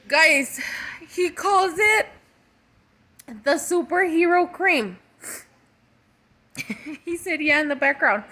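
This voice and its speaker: A woman's voice: high voice, expressive, takes it slowly, long pauses, sharp tone. A woman giving a casual, emotional vlog update as a mother, swearing freely and talking straight to her viewers. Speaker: mother and vlogger.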